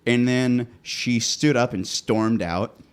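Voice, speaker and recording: A man's voice: medium pitch, slow, clear, resonant tone. A man hosting a podcast, telling a long story in a laid-back way, often repeating words as he goes. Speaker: podcast host. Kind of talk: casual podcast chat.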